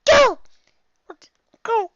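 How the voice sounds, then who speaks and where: A woman voicing an excitable little pony filly girl in a squealing, childish high voice. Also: measured pace, dry recording, lo-fi sound. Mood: gleeful.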